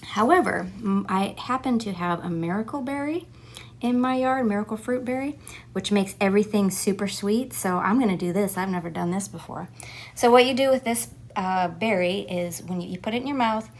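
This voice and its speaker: A woman with a mid-range voice speaks at a moderate pace while hosting a casual home gardening vlog. She's chatty and chews as she talks at times.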